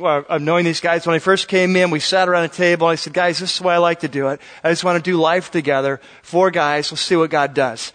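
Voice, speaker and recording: A male pastor telling a story to his congregation at a church service, animated and chatty with frequent uhs. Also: a little high.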